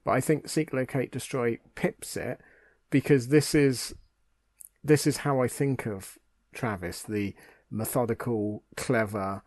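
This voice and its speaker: A man's voice: mid-range voice, fairly even intonation, unhurried, darkish tone, dry recording. A man co-hosting a podcast, chatting casually and agreeably about an old television series. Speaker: podcast co-host. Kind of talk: casual fan discussion.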